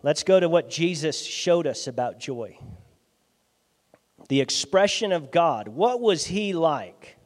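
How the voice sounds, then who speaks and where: High-voiced preacher in a reverberant hall. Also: male voice, slow. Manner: lively, conversational preaching with dramatic swings in loudness. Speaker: pastor. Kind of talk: sermon.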